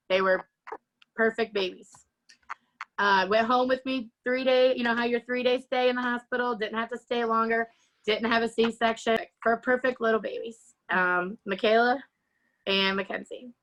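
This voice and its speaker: Animated woman telling her story. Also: a little high, highs cut off. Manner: animated storyteller, acts out quotes, laughs often. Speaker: interview guest. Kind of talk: personal testimony.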